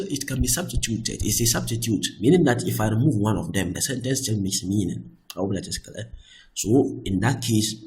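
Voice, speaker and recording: A man teaching a grammar lesson, patiently explaining rules and often checking that things are clear. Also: on the low side. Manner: patient, repeats "I hope that is clear", restarts phrases; reads example phrases slowly and louder.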